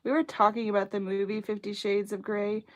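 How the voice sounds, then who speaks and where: Female live-stream craft host, chatty and playful, medium pitch, recording at her home desk. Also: little pitch movement, a little fast. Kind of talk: casual chat while crafting live.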